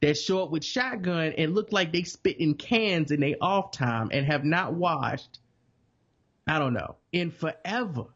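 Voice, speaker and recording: A man's voice: fairly high pitch, lively intonation, measured pace, a bit bright, highs cut off. A man co-hosting a casual film review podcast, a profane, joking storyteller.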